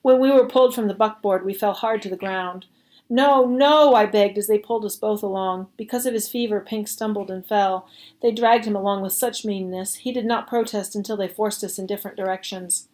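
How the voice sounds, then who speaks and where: Brief: woman storyteller, mid-pitched, expressive and steady read-aloud. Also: brisk. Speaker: reader. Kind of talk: reading a story aloud at a service.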